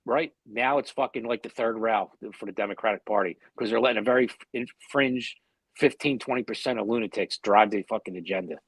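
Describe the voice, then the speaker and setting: Husky, blunt man in heated podcast talk. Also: fairly low pitch, brisk, dry recording. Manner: blunt, heated, heavy swearing. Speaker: podcast co-host. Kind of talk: casual podcast chat.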